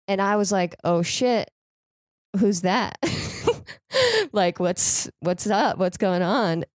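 A woman's voice: fairly low pitch, slow, dry recording, studio quality. Chatty young woman telling a wild story. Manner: lively, chatty, swears freely, heavy use of "like". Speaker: podcast guest. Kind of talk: casual comedic storytelling.

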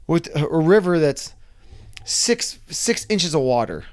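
A young man with a slightly high voice tells a wild story from his own life in a casual, animated way. He keeps acting out his own fear and panic as he goes. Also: measured pace.

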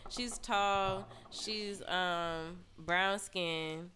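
Bright, animated young woman telling a story. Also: lowish voice, extremely slow, slight background noise. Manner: animated, profane, lots of "like". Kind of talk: casual chat, explicit storytelling.

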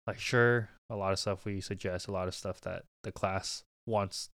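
A man's voice: low-pitched, fairly even intonation, normal speed, fairly bright tone, no room sound. Laid-back young man, dry close sound. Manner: easygoing, laid-back, fillers like "kinda" and "like". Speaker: medical student. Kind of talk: casual conversation.

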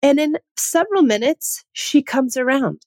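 A woman's voice: high voice, expressive, moderate pace, no room sound. A woman hosting a parenting podcast, speaking in an earnest, conversational way with emphatic stresses. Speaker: podcast host.

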